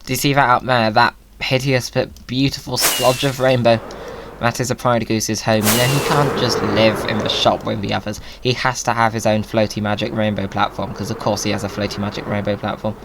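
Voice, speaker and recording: A hoarse man, a cheerful, chatty host giving playful commentary over gameplay and cooing at in-game animals. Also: fairly low pitch, level tone, brisk, noisy background.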